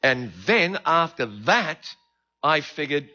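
A man with a New Zealand accent, a preacher telling his conversion story in an animated storytelling manner. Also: medium pitch, fairly quick. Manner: animated, swings between hushed and loud. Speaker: preacher giving his testimony. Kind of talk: sermon storytelling. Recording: dull lo-fi recording.

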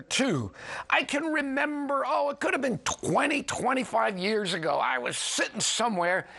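A man with a New York accent hosting a program, talking in an animated, digressive way with chuckling asides. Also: very high-pitched, gravelly, breathy edge. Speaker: program host. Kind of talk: conversational radio commentary.

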